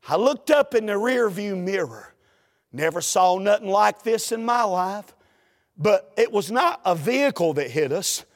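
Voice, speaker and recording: A preacher spins a comic tale from the pulpit in an animated, folksy way. His voice runs high for a man, and he takes his time. A long reverb from the church hall hangs on every line. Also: a little slow. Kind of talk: humorous sermon storytelling.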